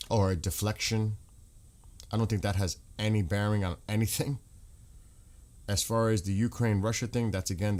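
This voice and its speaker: A man with a low, slightly mellow voice hosts a casual livestream, speaking into a desk microphone. He reads viewers' chat comments aloud and responds while searching websites.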